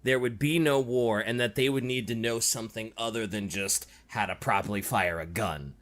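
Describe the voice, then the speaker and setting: A man's voice: lowish voice, moderate pace, fairly bright tone. A man co-hosting a casual podcast-style video, summing things up in an easygoing, joking way. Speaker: video co-host.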